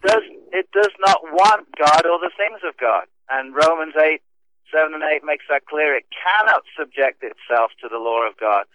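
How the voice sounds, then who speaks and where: A man with a mid-Atlantic accent, between British and American, joins a radio show as a guest. His voice is bright and a little high, and he talks earnestly with a wry edge over a tinny phone line. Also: lively intonation, moderate pace, slight background noise. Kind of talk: casual radio talk show conversation.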